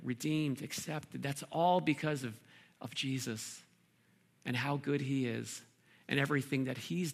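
Gravelly, bright-toned male pastor. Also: fairly high pitch. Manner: earnest preaching with pauses and repeated words. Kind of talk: sermon.

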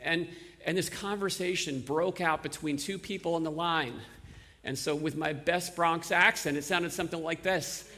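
Bright-voiced New York pastor preaching. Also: male voice, on the high side, fairly even intonation, normal speed. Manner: conversational storytelling with frequent uh and restarts. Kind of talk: sermon. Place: church sanctuary. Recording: long reverb of a large hall.

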